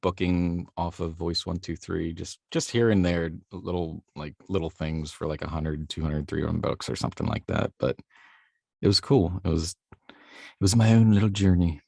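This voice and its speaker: A man's voice: low voice, normal speed, creaky, a little mellow, no echo, studio quality. A man, a voice actor, telling his story in a rambling, self-deprecating way during a casual interview, laughing easily. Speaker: voice actor guest.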